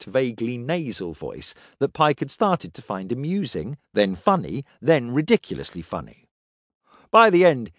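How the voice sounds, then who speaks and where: A man narrating a fantasy audiobook in an expressive, dramatic storytelling manner. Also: mid-range voice, no room sound, studio quality. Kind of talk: scripted fiction narration.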